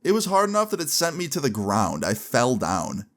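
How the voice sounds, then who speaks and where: A man's voice: mid-range voice, huge pitch swings, normal speed. A young man telling a personal story in a casual, slangy way for a vlog. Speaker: vlogger.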